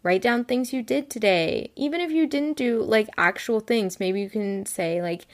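A woman's voice: a little high, normal speed, few pauses. A seventeen-year-old girl hosting a casual solo podcast, rambling and chatty with lots of "like", frank and self-mocking, sounding tired. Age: late teens. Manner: chatty, rambling, heavy use of "like". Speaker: podcast host.

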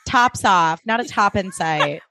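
A woman co-hosting a casual podcast recap, giving plot summaries with wry, deadpan asides. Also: mid-range voice, unhurried, crowd noise. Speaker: podcast co-host.

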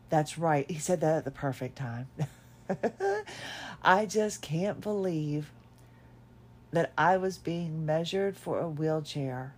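A middle-aged woman hosting a podcast, talking in a reflective personal monologue, tired, emotional and halting, with many restarts, recorded at home. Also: low voice, darkish tone. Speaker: podcast host.

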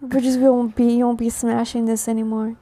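Young female podcast co-host, bright high voice, giggly and teasing. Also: flat delivery, fairly quick, a little hiss or hum. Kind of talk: casual couple chat.

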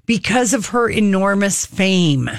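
A man's voice: high voice, expressive, a little slow, no room sound, studio quality. A man co-hosting a talk show, gossiping about celebrity news in a chatty, emphatic way with many restarts. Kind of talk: casual entertainment chat.

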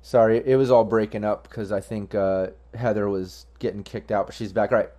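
A man's voice: fairly low pitch, steady tone, a little fast, dark tone. A man running a tabletop game as game master, rambling with fillers and restarts.

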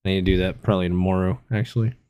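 A man's voice: deep voice, steady tone, racing, a little mellow, clean tone. A man hosting a casual podcast from his living room sofa, teasing his friends with joking banter. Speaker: podcast host. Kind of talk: casual chat.

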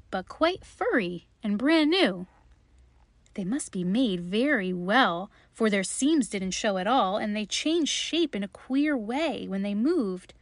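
A woman reading a children's story aloud in a gentle, unhurried way. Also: medium pitch, no room sound.

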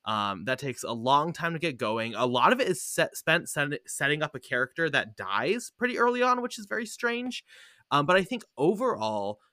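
Male podcast host, casual chat, animated pitch, bright tone. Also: normal speed, no room sound, clean studio sound.

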